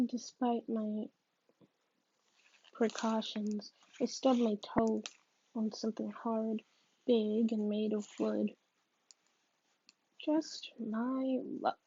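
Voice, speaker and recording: A woman's voice: a little high, fairly even intonation, takes it slowly, pauses often, warm tone, husky, lo-fi sound. A woman reading a novel aloud, hesitant and often restarting her sentences. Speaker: reader.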